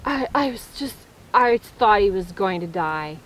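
A woman's voice: medium pitch, lively intonation, a little slow, slight background noise, low-quality recording. Chatty woman vlogging from the woods. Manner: chatty, with frequent restarts and fillers. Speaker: vlogger on a solo camping trip. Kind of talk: casual storytelling to camera. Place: woods at night, at a debris shelter.

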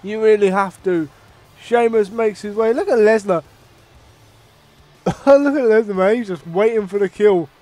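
A young man from Ireland casually commentating a wrestling video game, excitable and swearing, with bursts of mock ring announcing. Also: high-pitched, measured pace, pauses often, soft background music. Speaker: gaming commentator.

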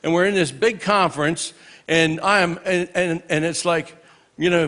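A man in his late sixties speaks at a church memorial. His voice sits a little high for a man. He shares memories of an old friend as stories and breaks into shouts of praise between them. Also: fairly even intonation, moderate pace. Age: 60s. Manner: storytelling, punctuated with exclamations of praise. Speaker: minister giving a eulogy. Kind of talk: memorial tribute speech with humorous anecdotes.

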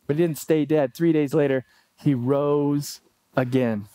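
A man preaching a sermon with a fairly high voice that leaps up when he acts out pleading lines. The sound is dry and close, with no room echo. He speaks as a pastor addressing his congregation. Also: unhurried. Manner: animated preaching with acted-out pleading quotes.

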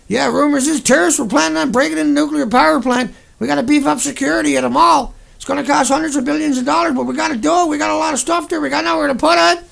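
A man voicing a glib male nuclear industry spokesman giving a falsely reassuring radio pitch. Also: steady tone, fast, gravelly, few pauses, a bit bright, exaggerated voice.

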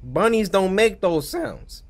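A man in his twenties doing loud, joking let's play commentary, his voice cracking into high squeaks. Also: vocal fry. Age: 20s. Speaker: gaming YouTuber. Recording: game music playing under the voice.

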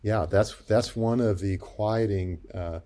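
A man speaks as a pastor-psychologist guest in a gentle, reflective way, often pausing on fillers. His voice is low and mellow, warm rather than bright. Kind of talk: interview conversation.

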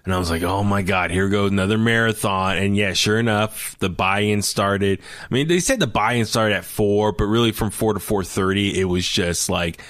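A man hosting a casual podcast chat, telling his stories in an animated, talkative way. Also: lowish voice, normal speed, hardly any pauses, no echo, studio quality. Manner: animated, chatty storytelling. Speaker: podcast host.

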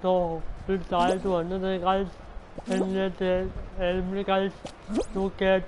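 Man streaming, halting and repetitive. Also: high-pitched, completely flat delivery, muffled recording, noisy background. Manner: repeats himself, halting English mixed with Hindi. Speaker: gaming streamer. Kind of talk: casual live-stream chat.

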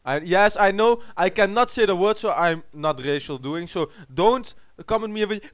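Dutch guy doing lets play commentary, high smooth voice, swears a lot, joking around. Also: animated, unhurried, few pauses, a bit bright, no echo. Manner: crude, joking, frequent swearing. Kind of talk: casual gameplay commentary.

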